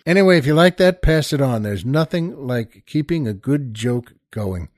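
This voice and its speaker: A man's voice: medium pitch, lively intonation, a little slow, darkish tone, dry recording, studio quality. Folksy, chatty male joke-telling host. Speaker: show host.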